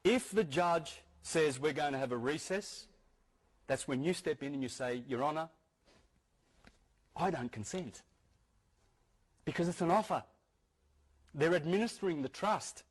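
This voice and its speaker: Husky guy giving a talk, earnest, keeps repeating himself and restarting. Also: on the high side, expressive, normal speed, long pauses. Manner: earnest, repeats key phrases and restarts often. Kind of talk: lecture-style talk to an audience.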